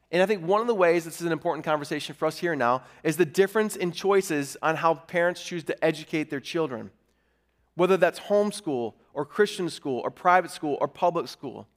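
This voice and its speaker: Earnest preacher man, slightly high voice. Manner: earnest storytelling preacher with lively asides. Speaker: pastor. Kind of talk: sermon.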